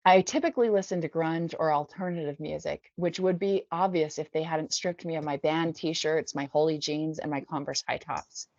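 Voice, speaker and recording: Woman from the Bay Area, memoir reading, subdued, gravelly, lo-fi. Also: low-pitched, fairly even intonation, moderate pace, hardly any pauses, a little mellow, no echo. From San Francisco Bay Area. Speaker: podcast guest. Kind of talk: reading her memoir aloud. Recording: dull dry lo-fi recording.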